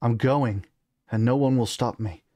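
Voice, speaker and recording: A man's voice: medium pitch, a little slow, warm tone, no echo, clean studio sound, natural voice. A man reading a determined young prince. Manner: firm, commanding. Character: determined young male prince, commanding and urgent.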